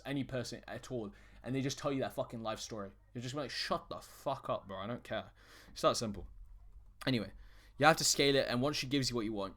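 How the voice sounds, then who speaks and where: A man with a medium-pitched, fairly bright voice coaches on dating, talking casually straight to camera. He's blunt, swears freely and often restarts sentences mid-thought.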